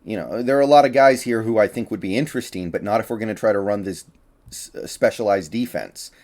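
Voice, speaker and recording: Male sports commentator, casual solo talk, lowish voice, slightly winded, opinionated. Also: fast, a little mellow. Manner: chatty, opinionated, with frequent fillers and restarts. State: a little out of breath.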